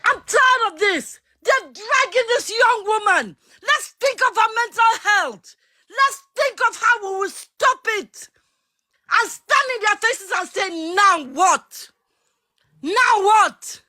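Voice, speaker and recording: A woman speaking with impassioned emphasis in a heated live audio chat, at times raising her voice to a shout. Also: extremely high pitch, animated, slow pace. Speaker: participant in a live audio discussion.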